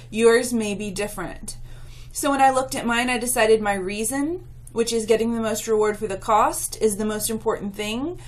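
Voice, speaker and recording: A woman writing instructor giving a recorded lecture and patiently explaining slides to her students. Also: mid-range voice. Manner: patient and explanatory, with some fillers.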